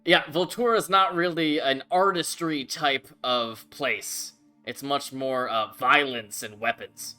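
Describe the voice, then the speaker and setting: A relaxed male bard with a sly, flirty edge, voiced by a man running the game. He talks casually with a bright tone. It stays an everyday voice rather than a big character act. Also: mid-range voice, measured pace, soft background music. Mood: easygoing.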